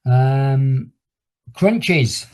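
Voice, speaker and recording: Speaking extremely slowly in a mid-range, somewhat mellow voice, a middle-aged man who instructs fitness conducts a video-call workout class. He drifts through a rambling story and stops to count down each exercise.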